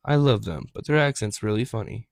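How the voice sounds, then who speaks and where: Low-voiced joking podcast guy, dry sound. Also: lively intonation, brisk, creaky, no room sound. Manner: joking, swears freely, puts on silly voices. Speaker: podcast co-host. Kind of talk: casual chat.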